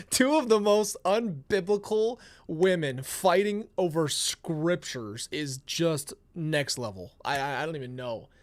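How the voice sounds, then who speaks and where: A man hosting reaction commentary, ranting in a blunt, exasperated way with swearing. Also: a little high. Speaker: commentary host.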